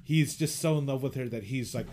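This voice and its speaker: A man in an easygoing podcast chat, walking through a film scene by scene. He slips into the characters' lines as he goes and fills the gaps with "like". His voice sits at an ordinary middle pitch. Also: fairly quick. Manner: animated retelling, acts out quoted lines; loose, heavy on "like" fillers. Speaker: podcast co-host. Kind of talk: casual chat.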